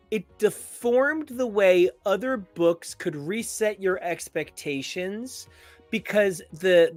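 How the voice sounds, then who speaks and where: Co-hosting a comic book podcast, a man with a fairly high voice chats casually in a playful, theatrical, florid manner. The recording has no echo.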